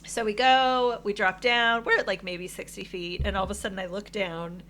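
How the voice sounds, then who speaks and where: A woman co-hosting a podcast, telling a travel story in casual chat, animated and laughing often. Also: mid-range voice, moderate pace, a little hiss or hum. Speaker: podcast co-host.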